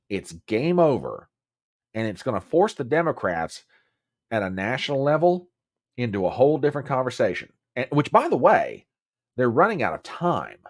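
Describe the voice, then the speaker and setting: Southern male host, low voice that swings widely, emphatic and chatty livestream talk. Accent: Southern American. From American South. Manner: chatty, emphatic, repeats phrases, talks to chat viewers. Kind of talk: casual political commentary livestream.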